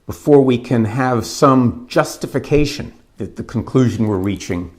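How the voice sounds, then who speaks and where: A man giving a recorded course lecture, explaining plots step by step in a measured way. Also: medium pitch, expressive.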